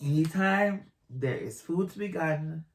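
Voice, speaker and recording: Speaking at a measured pace in a low-pitched voice, a woman in her fifties from Boston chats casually and teases her husband on their couple's channel. She has a Boston accent and laughs often.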